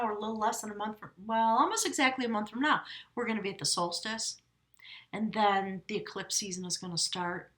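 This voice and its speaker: A woman's voice: medium pitch, bright, forceful tone. A woman giving a casual spoken tarot reading, effusive and rambling, talking straight to her viewers and often correcting herself mid-sentence. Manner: talks directly to viewers, often self-correcting. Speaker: tarot reader.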